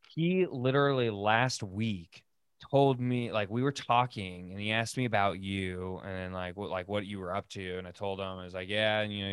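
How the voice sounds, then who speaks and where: A man with a lowish, smooth, resonant voice rambles through a story on a casual podcast, full of "like"s and curse words. The sound is dry and close, with no room behind him. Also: dry recording. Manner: rambling, swears often, frequent "like" fillers. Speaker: podcast host.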